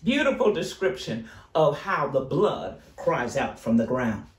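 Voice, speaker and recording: A man's voice: a little high, sing-song, measured pace, roomy sound, far from the mic. A man teaching a Sunday school lesson, preaching fervently with frequent exclamations of praise. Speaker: Bible teacher.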